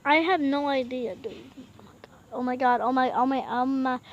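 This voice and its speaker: A young woman commenting on a video game with excitable, panicky yelling. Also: sits high, normal speed, a little hiss or hum. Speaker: gaming video host. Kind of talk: let's play commentary.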